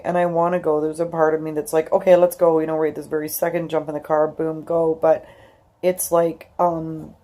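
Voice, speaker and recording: A woman in her fifties with a low, gravelly voice and a warm, mellow tone. She talks to her viewers in a personal vlog, tearful and rambling, full of fillers and restarts. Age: 50s. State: crying. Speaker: YouTuber.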